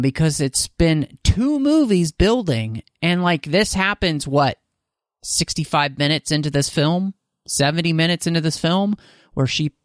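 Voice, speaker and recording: A man co-hosting a podcast, talking about a film he rewatched with his wife in an enthusiastic, animated way. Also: fairly high pitch, no echo, studio quality. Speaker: podcast co-host. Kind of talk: casual film discussion.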